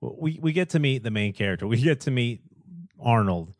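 A man co-hosts a casual movie review chat. He speaks conversationally and laughs easily between thoughts. His voice is mid-pitched and recorded close and dry. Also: lively intonation, normal speed, no room sound. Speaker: podcast co-host.

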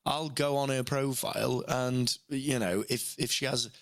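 A man's voice: medium pitch, fairly even intonation, measured pace, vocal fry, dry recording. Guy rambling honestly on a podcast, keeps restarting, dead dry mic. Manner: rambling, self-questioning, restarts often. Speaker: podcast guest, impressionist. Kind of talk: candid podcast conversation.

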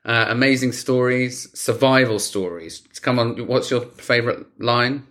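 A man's voice: medium pitch, steady tone, a little slow, fairly bright tone. A man co-hosting a podcast in casual, earnest chat. He laughs often and swears casually. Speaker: podcast co-host.

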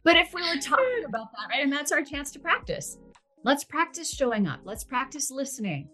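A woman speaks as a podcast guest in a fairly high, bright, forward voice. She is earnest and expressive, often laughing and using casual fillers. Soft music sits faintly underneath. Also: brisk. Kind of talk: conversational podcast interview.

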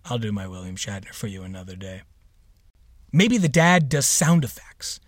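A man's voice: on the low side, very animated, normal speed, no echo. A man hosting a podcast, introducing the episode in a casual, playful way with sarcastic asides. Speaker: podcast host.

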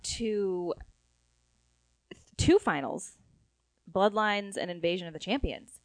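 A woman co-hosting a casual podcast, relaxed, with short agreements and wry asides. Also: medium pitch, slow pace, dry recording. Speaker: podcast co-host. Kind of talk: casual chat about reality TV.

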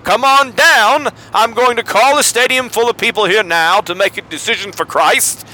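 A man's voice: high voice, normal speed, bright, forceful tone, voice pushed up, low-quality recording. A man impersonating a middle-aged male stadium evangelist calling crowds forward in a grand, rolling preaching manner. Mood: rousing.

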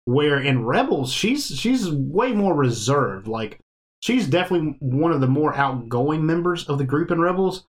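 A man's voice: a little high, lively intonation, normal speed. A man hosting a casual podcast chat, talking in a loose, rambling way and laughing often. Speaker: podcast host.

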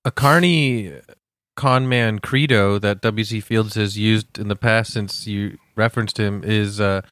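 A man co-hosting a casual podcast, chiming in with quick jokes. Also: fairly low pitch, steady tone, fairly bright tone, no room sound, studio quality. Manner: joking, throws in quick quips. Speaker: podcast co-host.

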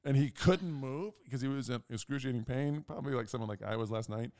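A man in his thirties co-hosting a casual chat, telling stories animatedly and acting out other people's lines. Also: fast. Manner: animated, acts out quotes in loud, high voices. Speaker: podcast co-host.

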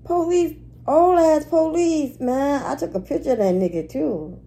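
A woman's voice: sits high, measured pace, creaky, warm tone, rough recording. A woman hosting a weekly spiritual reading vlog, talking in a candid, slangy, rambling way. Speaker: astrology and spiritual reading host.

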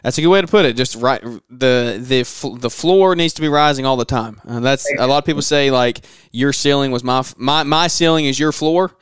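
A man with a Southern US accent hosting a podcast, relaxed and halting, with many fillers. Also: medium pitch, clear, resonant tone, no echo, studio quality. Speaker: podcast host. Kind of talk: casual interview chat.

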